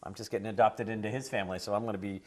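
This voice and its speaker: A man chatting on a talk show, rambling and conversational, who grows forceful and preachy when he lectures parents. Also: fairly low pitch, steady tone, rapid-fire. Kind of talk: casual talk show chat and storytelling.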